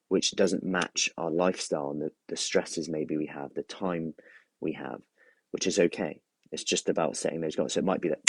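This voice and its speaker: A man's voice: deep voice, darkish tone, husky, no room sound. A man, a personal trainer giving a chatty live-streamed coaching talk and greeting viewers by name as he explains.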